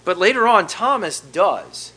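A middle-aged man preaching a sermon, moving between hushed, intimate moments and loud, emphatic passages as he walks through a scripture text. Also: high voice, animated, a little slow, husky. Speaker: pastor.

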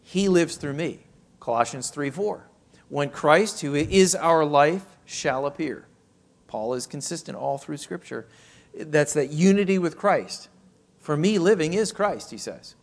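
This pastor's voice is a little high, animated, and creaky as he teaches a Bible passage in his sermon. Rhetorical questions punctuate the message, and he slows down to stress important phrases.

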